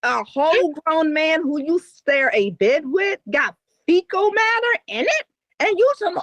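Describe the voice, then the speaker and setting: A woman's voice: very high-pitched, animated, measured pace, fairly bright tone, dry recording, lo-fi sound. A woman co-hosting a podcast, talking bluntly and emphatically in casual chat with a lot of cursing. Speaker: podcast co-host.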